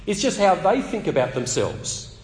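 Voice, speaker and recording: A man's voice: sits high, sing-song, normal speed. A man preaching a sermon at a public meeting, talking conversationally and asking his listeners questions. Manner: conversational, asks the audience questions. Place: meeting hall. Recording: echoey hall with long reverb.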